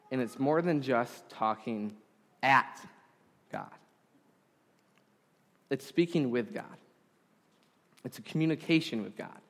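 A man preaching a sermon to a congregation, earnest and deliberate, with emphatic pauses. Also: medium pitch. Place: congregation hall. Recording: long hall reverb.

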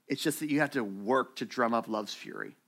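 A man preaching a sermon to his church in a conversational, animated way, acting out quoted voices. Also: mid-range voice, a little fast. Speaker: pastor.

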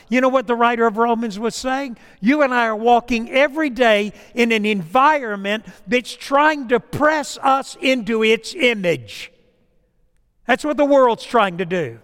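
A pastor with a notably high voice delivers a sermon in a slow, emphatic cadence. He sinks to a soft, confiding tone when telling stories. The sound rings with a long reverb, and his mic crackles now and then. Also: expressive, smooth. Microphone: lapel or stage mic.

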